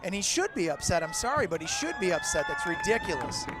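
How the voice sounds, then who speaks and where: A middle-aged man calls a local high school football game, cheering openly for the home side. His voice sits high and lifts into shouts when a big play breaks. Crowd noise and outdoor sound fill the background. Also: fast. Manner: excited, shouts on big plays, openly partisan for the home team. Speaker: play-by-play announcer. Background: crowd noise from the stands.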